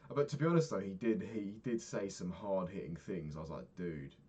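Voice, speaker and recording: A man's voice: deep voice, very animated, fairly quick, mellow, slightly rough. A young man talking through his day in a candid, rambling diary vlog, swearing freely. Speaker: vlogger.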